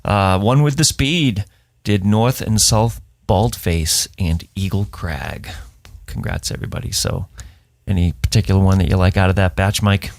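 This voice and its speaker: A man's voice: low voice, moderate pace, no echo, studio quality. A man co-hosting a casual podcast, joking and reading sponsor spots. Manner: jokey, reads sponsor spots. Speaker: podcast co-host.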